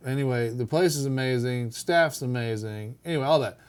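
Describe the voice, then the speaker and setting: Middle-aged male co-host, animated storyteller, laughs often, acts out quotes. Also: mid-range voice, fairly quick, smooth. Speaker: podcast co-host telling a story. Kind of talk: casual storytelling chat.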